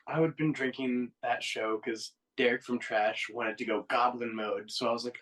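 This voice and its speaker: A man's voice: medium pitch, normal speed, fairly bright tone, distant mic, poor audio. A man in a band telling a tour story in casual podcast chat, laughing and acting out quotes with a raised voice. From Oklahoma. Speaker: band member, guest.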